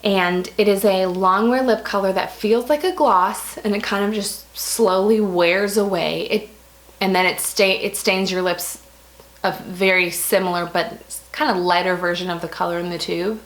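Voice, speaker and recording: A woman's voice: mid-range voice, fairly even intonation, moderate pace. A young American woman chatting casually through a makeup review, often correcting herself mid-sentence and laughing at her own slips. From United States. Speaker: beauty vlogger.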